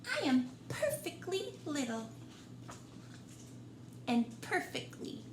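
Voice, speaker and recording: A tiny young yak girl, hopeful and brave, piping in a very high, sing-song voice as a woman puts her on. She speaks slowly and sweetly, wide-eyed, in a roomy, echoing room. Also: wildly swooping pitch, noisy background, full character voice. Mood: content.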